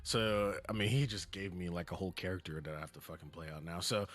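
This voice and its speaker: A man's voice: low voice, fairly even intonation, fast. A man running a tabletop game as game master, talking casually and swearing.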